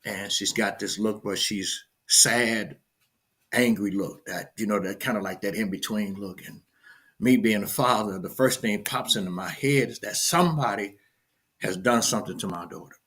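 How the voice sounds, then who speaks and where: A middle-aged pastor delivers a casual morning sermon over a livestream, calling out viewers by name and swinging between loud shout-outs and hushed storytelling. His voice sits lowish and husky, at a moderate pace.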